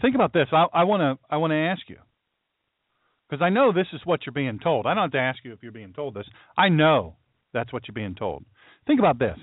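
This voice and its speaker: Fired-up talk radio host, tinny line. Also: male voice, on the high side, big pitch swings, brisk, no room sound. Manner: heated, repetitive, rhetorical questioning. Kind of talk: political commentary monologue.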